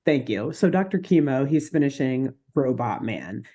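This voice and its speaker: Lively woman recapping a cartoon on her podcast, warm low-key tone, lots of laughs. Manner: animated, laughing, quick asides. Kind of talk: casual chat.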